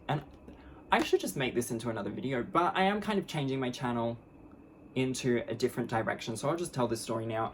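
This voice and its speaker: A young adult woman tells a story on her vlog, candid, blunt, and sarcastic, mocking the people involved with put-on voices. Her voice is a rumbling low, with slight background noise.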